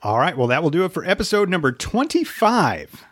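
A man's voice: a little high, big pitch swings, brisk, fairly bright tone, no room sound, clean studio sound. A man co-hosting a casual movie podcast, joking around, swearing and riffing. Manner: jokey, swears, ad-libs songs. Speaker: podcast co-host. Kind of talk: casual chat.

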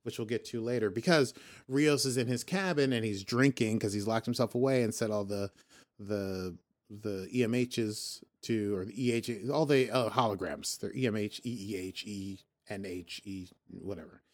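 A man's voice: on the low side, normal speed. A man hosting a podcast, casually recapping a TV episode in a rambling, joking way, often correcting himself. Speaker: podcast host.

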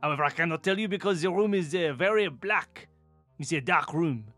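A man's voice: fairly high pitch, brisk, a bit bright, soft background music, natural voice. A man voicing a character with a put-on French accent, playfully hamming it up and slipping French words into his English. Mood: hammy.

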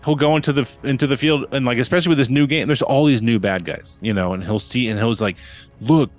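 A man's voice: mid-range voice, fast talker, faint music behind. A man and father on a podcast, chatting casually and rambling with lots of fillers and restarts. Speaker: podcast co-host. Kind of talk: casual chat.

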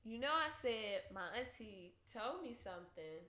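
A young woman telling a story in casual chat, animated and profane, with bursts of laughter. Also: on the high side, measured pace. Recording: roomy echo.

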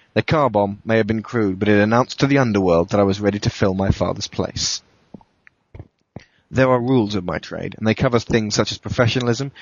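A man narrates a first-person thriller in a steady, matter-of-fact voice that sits on the low side. The recording is dull and dry, with a lo-fi quality. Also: no room sound. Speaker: podcast host reading a story.

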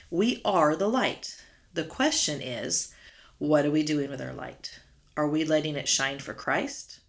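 A woman gives an earnest devotional Bible teaching and leans on rhetorical questions. Her voice sits low for a woman and carries a gravelly edge. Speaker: guest speaker.

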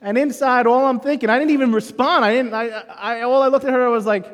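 A man's voice: extremely high pitch, brisk, few pauses. A man preaching a sermon as pastor, telling stories and acting out the dialogue in them. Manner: animated storytelling, acts out dialogue. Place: church auditorium. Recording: long hall reverb.

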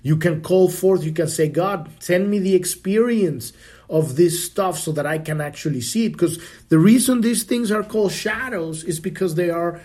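A man hosts a spiritual podcast, speaking casually with frequent swearing and regular sentence restarts. His voice is high-pitched with a darkish tone, at normal speed.

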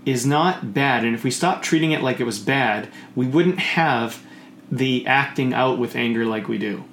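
A man talking in casual conversation, rambling and animated, often swearing and acting out the voices he quotes. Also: medium pitch, moderate pace. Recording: echoey room with faint noise.

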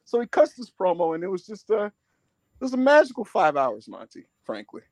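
Animated high-voiced male podcast host. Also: dry recording. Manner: animated, quotes people in quick bursts. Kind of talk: excited storytelling recap.

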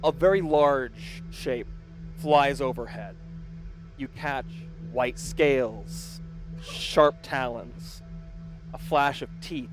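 A man's voice: mid-range voice, takes it slowly. A man running a tabletop game as game master, narrating scenes in vivid detail. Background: background music.

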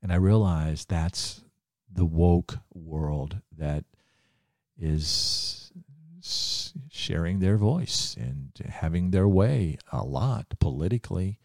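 A pastor from Ohio with a low, deep voice speaks in an earnest, emphatic preaching manner, often pausing on filler words. The recording is dry and close, with no room sound. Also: male voice, darkish tone, no room sound. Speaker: pastor and podcast host. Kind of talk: preaching storytelling.

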